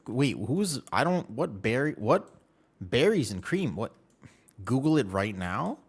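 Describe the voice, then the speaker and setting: Twenty-something guy streaming games, low voice but super bouncy, rambles and jokes with chat. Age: 20s. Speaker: game streamer. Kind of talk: casual live-stream chat.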